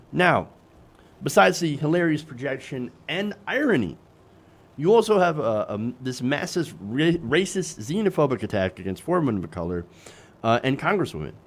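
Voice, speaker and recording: A man hosting a political commentary show, sarcastic and self-correcting, with many fillers. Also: mid-range voice.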